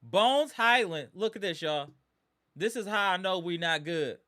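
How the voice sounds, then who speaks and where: Bright, exasperated fan ranting live. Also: male voice, high-pitched, moderate pace. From Wisconsin. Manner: exasperated, ranting, repeats himself. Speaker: live stream host. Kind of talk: fan reaction live stream.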